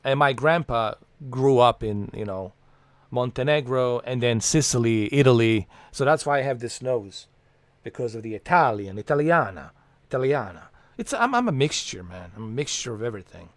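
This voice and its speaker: Male streamer, casual rambling delivery with swearing; lively pitch, dry close sound. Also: moderate pace, no echo. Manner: rambling, frequent swearing and fillers. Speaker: livestream host. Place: home.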